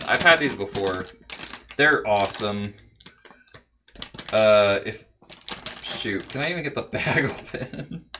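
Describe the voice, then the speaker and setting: A man's voice: mid-range voice, noisy background. A young man hosting his own channel, rambling and self-deprecating in a casual chat while snacking on candy. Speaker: channel host.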